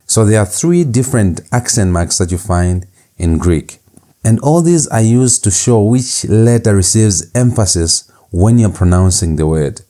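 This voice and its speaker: A man teaching a recorded Greek lecture, repeating key points slowly and deliberately. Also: lowish voice, animated, warm tone.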